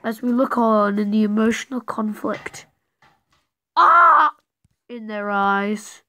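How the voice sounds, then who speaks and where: A woman's voice: mid-range voice, flat delivery, unhurried, dry recording. A woman telling a rambling, playful made-up story while drawing, with sudden dramatic outbursts.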